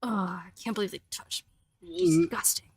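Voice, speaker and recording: A woman's voice: on the high side, big pitch swings, moderate pace, creaky, darkish tone, slightly rough, no echo, exaggerated voice. A woman voicing her grumpy male house cat in a huffy, put-upon inner monologue. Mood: disgusted.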